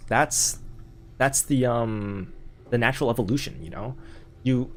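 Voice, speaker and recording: A man chats his way through a game stream, riffing on odd jokes and restarting his sentences often. His voice sits at a middle pitch, neither deep nor high. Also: unhurried. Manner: rambling, joking, stammering restarts. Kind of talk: casual gaming stream chat.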